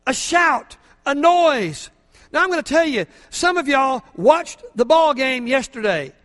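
An older man preaching a sermon as pastor, fervent, moving from quiet asides to shouting praise, in a church. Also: extremely high pitch, lively intonation, measured pace. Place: church sanctuary. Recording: long hall reverb from a church.

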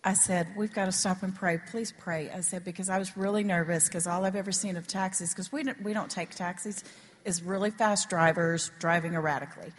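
Woman telling a church story, halting, kinda low voice, echoey hall with faint hiss. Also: fairly even intonation. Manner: hesitant, halting with fillers. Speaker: pastor's wife sharing a testimony. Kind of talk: church testimony. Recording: long hall reverb, faint noise.

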